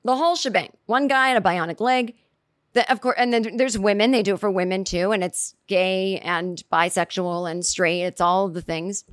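Rambling, animated woman telling a comic story. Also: normal speed, dry recording, studio quality. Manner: rambling, self-interrupting, lots of "like" and "you know"; animated, jumps in pitch for emphasis.

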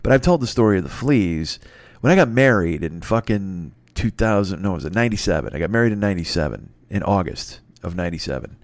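Middle-aged guy, lowish voice, rambling cussing story, dry close mic. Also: fast, no echo. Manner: profane, rambling, excitable. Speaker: podcast host. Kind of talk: casual storytelling.

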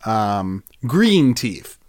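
A man's voice: lowish voice, big pitch swings, extremely slow, dry recording, studio quality. A man co-hosting a comedy podcast, chatting casually and riffing playfully into silly bits.

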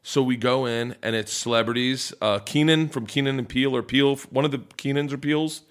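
A man's voice: mid-range voice, steady tone, brisk. A male comedian on a podcast as the guest, telling long rambling stories with lots of swearing and laughing through them. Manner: acts out other people's lines in raised voices. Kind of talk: casual storytelling chat.

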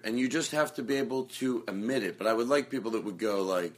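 A man's voice: mid-range voice, brisk. A man hosting a podcast from a hotel room, chatting casually and joking around. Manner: rambling, joking, animated. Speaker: podcast host. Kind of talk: casual chat.

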